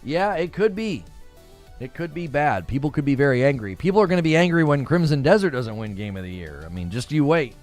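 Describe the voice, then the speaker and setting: A man hosting a casual livestream, chatting about news and reading viewer messages in an animated way, laughing often. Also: a little high, a little fast, faint music behind. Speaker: livestream host.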